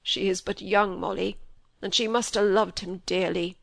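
A woman's voice: mid-range voice, steady tone, moderate pace, gravelly, no room sound. Woman narrator voicing an old squire: shaky, pleading, fearful, dry close sound. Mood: tearful. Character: elderly grieving country squire, trembling and fearful.

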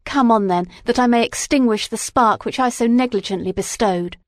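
A woman's voice: medium pitch, normal speed, a little mellow, no echo, studio quality, close to an everyday voice. A woman reading aloud and voicing a tormented young male scientist who speaks in an impassioned, declamatory way. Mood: raging.

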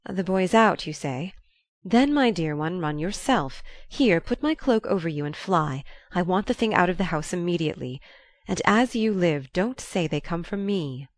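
A woman reading the part of a proud, volatile young countess, shrill and imperious in an audiobook. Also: lively intonation, normal speed, no echo, studio quality, natural voice. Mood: urgent. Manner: imperious, abrupt.

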